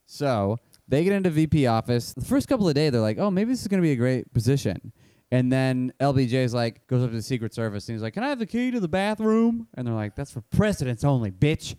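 Lively, playful podcast co-host. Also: male voice, medium pitch, fast talker, clean tone, no echo. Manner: riffing, playful. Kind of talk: casual comedic banter.

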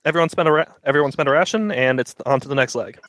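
A man running a tabletop game as game master, giving rulings and narration in a relaxed, matter-of-fact way. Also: mid-range voice, racing.

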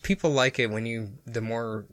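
A man's voice: medium pitch, normal speed, fairly bright tone, no echo. A young man from Iowa co-hosting a casual podcast chat, rambling and laughing often. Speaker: podcast co-host.

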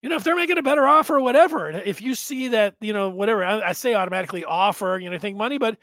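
A man hosting a sports talk show, rambling in a casual monologue with sudden loud bursts. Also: sits high, racing, no echo.

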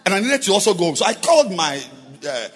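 A man preaching a sermon as a pastor, moving from quiet asides to shouted, sung-out exhortation. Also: high-pitched, very animated, fast, breathy edge. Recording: hall reverb with faint music.

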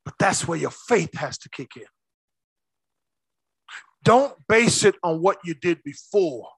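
Man, preacher, sermon, very animated pitch, shouts and hushes, calls to the congregation. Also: slow, creaky, slightly rough, dry recording.

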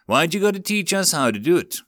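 Brief: man voicing a sulky blunt goblin boy for an audiobook, high, grumbling, dry sound. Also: big pitch swings, a little fast, fairly bright tone, no room sound. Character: grumpy blunt young male goblin orphan.

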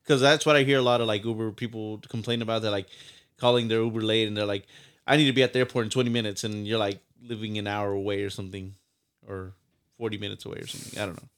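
A man's voice: lowish voice, flat delivery, fast, fairly bright tone, clean tone. A man co-hosting a podcast in casual chat, rambling with lots of fillers. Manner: rambling, heavy use of fillers. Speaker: podcast co-host.

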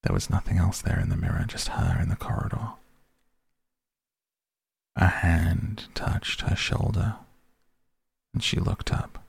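Deep gravelly man narrating a story. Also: steady tone, measured pace, long pauses, dry recording. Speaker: audiobook narrator. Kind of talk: scripted narration.

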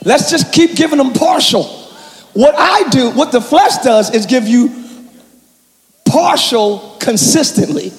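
Male pastor, very high voice, shouting sermon in an echoey church hall. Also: animated, measured pace. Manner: shouting, preaching with call-and-response to the congregation. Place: large church hall with congregation.

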